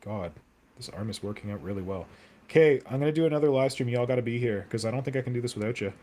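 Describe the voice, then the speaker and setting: A man's voice: mid-range voice, fast talker, warm tone. A young man chatting casually on a live stream while he sculpts, rambling and answering viewer comments aloud.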